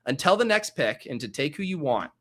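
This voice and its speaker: A man from Denver who hosts a casual podcast, energetic and jokey as he reads out the prompts. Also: fairly high pitch, a little fast. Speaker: host.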